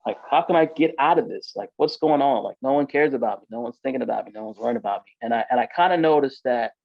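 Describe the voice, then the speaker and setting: A man's voice: mid-range voice, fast, gravelly, dry recording. A man recounts his past as a podcast guest in a loose, emphatic way, leaning on "like" and "yo." His voice sits mid-range. The sound is dry and a little muffled. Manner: casual, emphatic, filler-heavy with frequent "like" and "yo". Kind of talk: storytelling in an interview.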